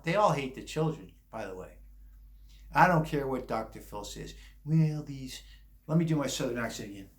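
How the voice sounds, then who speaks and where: Man, 50s, a bit drunk, blunt rambling vlogger, echoey room. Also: medium pitch. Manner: blunt, rambling, emphatic warnings. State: a little drunk. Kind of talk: casual rambling monologue.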